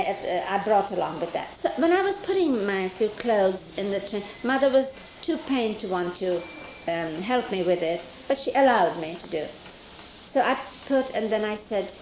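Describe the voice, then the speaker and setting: A woman telling a story from her youth to a group, acting out the remembered dialogue with lively pitch jumps and some hesitant fillers. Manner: animated, acts out remembered dialogue with rising pitch; hesitant fillers and self-corrections. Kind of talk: informal spoken memoir to a listening group. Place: hall. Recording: dull, roomy hall recording with faint hiss.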